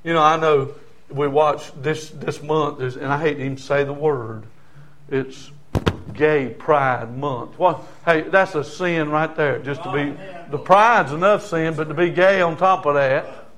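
A man's voice: a little high, a little slow, fairly bright tone. A middle-aged man preaching a fervent sermon and calling the congregation for amens. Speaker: pastor.

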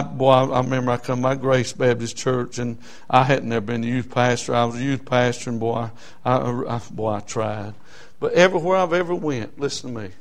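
A middle-aged man preaching a sermon. He tells homespun stories, often stops on "uh, uh" fillers, and builds up to loud emphasis. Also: mid-range voice.

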